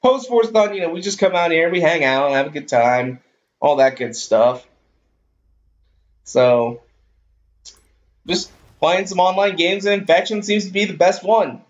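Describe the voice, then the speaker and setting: A man's voice: high-pitched, measured pace, pauses often, roomy sound. A man streaming a racing game live, talking casually in a rambling, easygoing way and often repeating himself. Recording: dull lo-fi stream audio.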